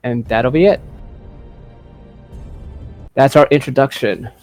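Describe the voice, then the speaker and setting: A man's voice: mid-range voice, takes it slowly, darkish tone, faint music behind. A man running a tabletop game as game master, moving between casual rules talk and dramatic narration.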